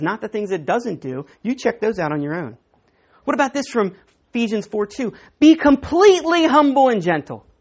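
A woman's voice: medium pitch, breathy edge. A middle-aged woman preaching a conversational sermon, with self-deprecating asides and stories.

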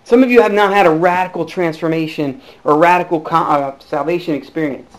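A male pastor preaching a sermon, telling his own calling story with lively swings between hushed and loud delivery and frequent restarts. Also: on the high side, a little fast. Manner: frequent restarts and repeated words. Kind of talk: sermon with personal testimony.

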